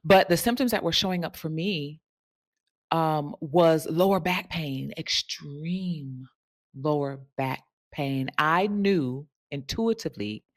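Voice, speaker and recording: Low-voiced woman coach, chatty and frank. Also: slow. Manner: chatty, punctuates with "right?"; candid and frank, swears casually. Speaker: sensuality coach. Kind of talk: casual direct-to-camera monologue.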